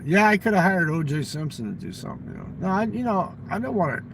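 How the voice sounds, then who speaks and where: A gravelly older man rambles through boastful, profane anecdotes, his voice sitting a little high for a man. Faint room ambience and passing traffic murmur behind him. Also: sing-song, fairly quick. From United States. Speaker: livestream guest telling stories. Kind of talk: rambling storytelling. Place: fast-food restaurant.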